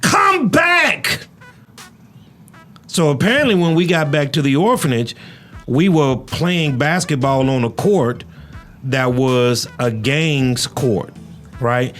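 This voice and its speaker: A man's voice: mid-range voice, a little slow, soft background music. A man hosting a podcast, chatting casually and telling stories, often hunting for words with fillers. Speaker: podcast host. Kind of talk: casual interview chat with storytelling.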